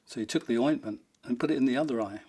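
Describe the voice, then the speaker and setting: Against a noisy background, a man with a medium-pitched voice talks fast in an interview. He tells humorous anecdotes with plenty of chuckles, doing voices for the people he quotes.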